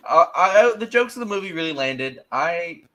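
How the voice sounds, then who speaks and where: Animated man, excitable podcast co-host. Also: normal speed, a loud crowd. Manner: excitable, acts out reactions with big pitch jumps. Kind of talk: casual podcast chat.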